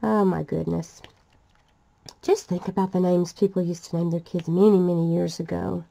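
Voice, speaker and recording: A woman's voice: on the low side, little pitch movement, normal speed, creaky, dark tone. An older woman, chatting casually and laughing often as she tells family stories while crafting. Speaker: vlogger.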